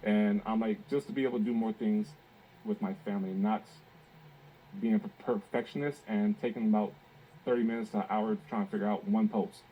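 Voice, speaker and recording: Man, low voice, relaxed casual testimonial; faint room hum. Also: brisk, highs cut off. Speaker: guest giving a testimonial.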